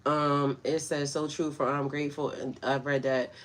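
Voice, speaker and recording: A woman's voice: sits low, little pitch movement, normal speed. A woman spiritual coach talking casually on a livestream, laughing often and greeting her viewers by name. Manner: loose, chatty storytelling.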